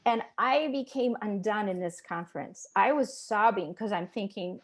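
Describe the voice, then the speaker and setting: A woman's voice: mid-range voice, moderate pace. A woman guest in an interview, recounting a personal testimony in an earnest, emotional storytelling manner. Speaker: podcast guest.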